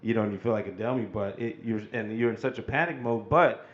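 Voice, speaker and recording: A man's voice: fairly low pitch, fast talker, highs cut off. Firefighter guy talking straight, earnest and emphatic, casual podcast chat. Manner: earnest, emphatic, acts out quoted voices. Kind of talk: casual chat, mentoring advice.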